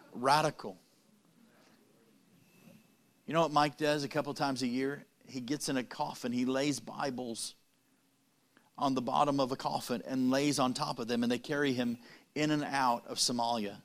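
A man preaching a sermon, telling a story with dramatic pauses and quick, punning asides. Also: medium pitch, steady tone, a bit bright.

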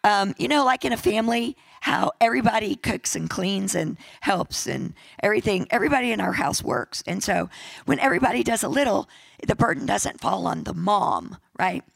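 Gravelly, raspy woman pastor preaching. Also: medium pitch, expressive, moderate pace, no room sound, rough recording. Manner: chatty, jokey, emphatic repetition. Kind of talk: sermon with church announcements and prayer.

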